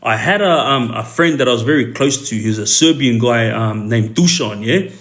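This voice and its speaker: Australian man, ex-prisoner storyteller, casual livestream talk, halting delivery, lots of ums and restarts, mid-pitched voice. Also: expressive, fairly bright tone. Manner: halting, many fillers and repeated words. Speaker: former prisoner telling his story on a livestream.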